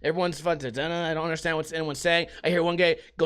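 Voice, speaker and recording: A man's voice: fairly high pitch, level tone, fast talker, hardly any pauses, fairly bright tone, clean tone. A young man hosting a podcast, rambling through profane, jokey stories in casual chat. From United States. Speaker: podcast host.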